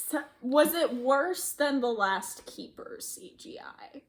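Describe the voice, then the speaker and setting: High, lively, slow-talking woman. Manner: giggly, recounts the plot with lots of fillers. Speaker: host. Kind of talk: casual movie review chat.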